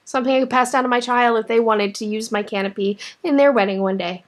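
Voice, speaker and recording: A woman's voice: a little high, quick pace, hardly any pauses. Emotional woman knitter telling a story. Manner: animated, emotional, laughs often. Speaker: knitting vlogger. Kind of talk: casual storytelling to camera.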